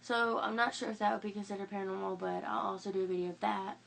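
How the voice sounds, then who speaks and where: A woman's voice: mid-range voice, level tone, quick pace, vocal fry, slight background noise. A young woman rambling through a late-night vlog at home, sick and sniffling, with lots of fillers and restarts. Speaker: vlogger.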